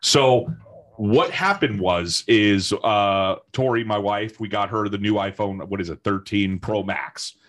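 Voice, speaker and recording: A man on a casual podcast, launching into a profane, heated comic rant with big swings in pitch. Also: unhurried. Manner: heated, swears constantly, animated pitch swings.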